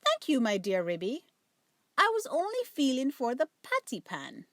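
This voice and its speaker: A woman's voice: high-pitched, wildly swooping pitch, normal speed, dry recording, studio quality, exaggerated voice. A woman reading a storybook aloud and voicing a polite, anxious female dog at a dinner party, with prim, fussy manners.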